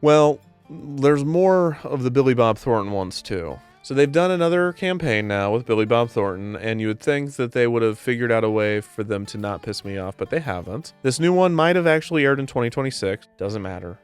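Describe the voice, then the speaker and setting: A man's voice: mid-range voice, expressive, brisk, clear, resonant tone, faint music behind. A man hosting a comedic commentary show, ranting in an exasperated, sarcastic way.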